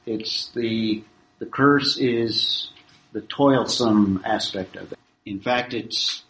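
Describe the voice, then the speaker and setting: A man teaching a Bible class in a measured, explanatory way, reading scripture aloud and taking questions. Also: mid-range voice, a bit bright, rough recording. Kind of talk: classroom lecture.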